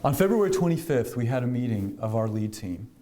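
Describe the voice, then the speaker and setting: A man addresses a business breakfast crowd in a relaxed storytelling manner. He pauses often with fillers and starts his sentences over. His voice sits in an ordinary middle pitch. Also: slight background noise. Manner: conversational, with frequent fillers and restarts. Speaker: government official giving a speech. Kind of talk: storytelling speech to a business audience.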